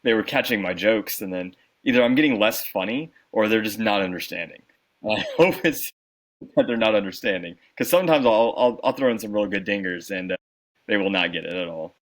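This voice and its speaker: A man's voice: on the low side, expressive, fairly quick. A young man, a teacher co-hosting a casual podcast chat, talking in a laid-back, joking way.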